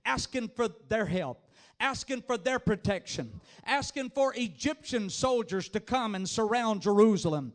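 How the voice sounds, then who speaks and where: A man preaching a revival sermon as an evangelist, shifting between fervent shouting and soft, low-voiced passages, with repeated calls to the congregation. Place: church youth rally before a congregation.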